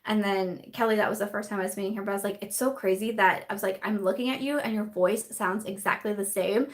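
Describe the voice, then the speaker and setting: A woman's voice: medium pitch, fairly even intonation, fast talker. A young woman hosting a casual live-stream chat, bubbly and giggly, full of fillers and laughter as she reads viewer comments.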